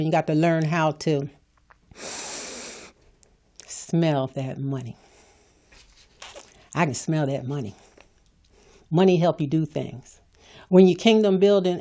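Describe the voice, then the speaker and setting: A middle-aged Californian woman hosts a motivational podcast in a low, warm voice. She speaks emphatically, almost preaching, and keeps repeating her points.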